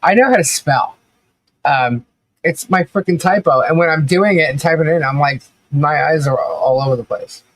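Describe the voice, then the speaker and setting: Laughing, chatty woman streamer. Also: low-pitched. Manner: animated, laughs often, chatty and quick asides. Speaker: livestream commentary host. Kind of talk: casual live-stream chat, reading viewer comments.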